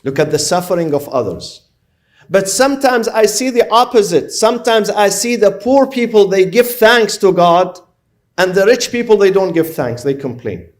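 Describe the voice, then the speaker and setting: A man with a slightly higher-than-average voice delivers a sermon. He speaks emphatically, building his points through repeated phrases and long lists. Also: expressive, moderate pace. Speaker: religious lecturer.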